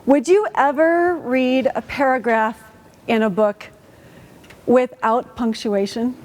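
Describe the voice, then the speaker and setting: Woman coaching a school orchestra, high bright voice, encouraging, auditorium sound. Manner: lively, encouraging, asks the players many questions. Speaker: orchestra clinician coaching students. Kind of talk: rehearsal coaching.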